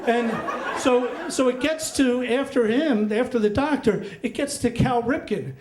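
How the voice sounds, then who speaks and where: A middle-aged man with a fairly high voice tells a personal story on stage, animated and chatty, breaking into laughter between asides. The sound is roomy, with the echo of a live event space. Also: a little slow, crowd noise.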